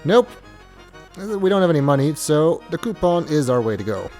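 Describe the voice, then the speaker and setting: A man's voice: fairly high pitch, sing-song, moderate pace, a little mellow, soft background music. A man giving casual gameplay commentary as a let's play host, with chatty, wry asides.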